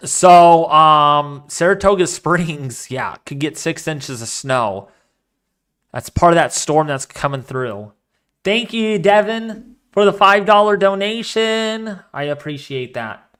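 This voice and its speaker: A man hosting a live weather stream, talking casually and excitably, rambling off into asides while reading the models and the chat. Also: fairly high pitch, slow pace, smooth. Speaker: weather livestream host.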